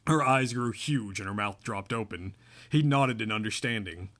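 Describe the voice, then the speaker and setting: A man narrating a novel aloud in a steady, even way. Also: lowish voice, normal speed. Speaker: audiobook narrator. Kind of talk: scripted narration.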